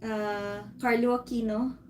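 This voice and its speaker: A woman co-hosting a casual chat, unhurried and quick to laugh. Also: a little high, little pitch movement, background noise. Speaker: podcast co-host.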